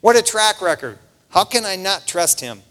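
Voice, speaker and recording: A middle-aged male pastor preaching with a bright, forceful voice that swings widely up and down. His speech is casual and chatty, and the sound rings out with the long reverb of a big hall. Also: high voice, normal speed. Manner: animated, conversational, peppers lines with "man".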